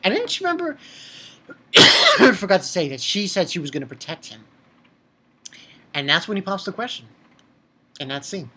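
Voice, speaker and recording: A man casually recapping an anime episode in an excitable way, swearing and stumbling over fillers and restarts. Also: high-pitched, moderate pace, pauses often, breathy edge.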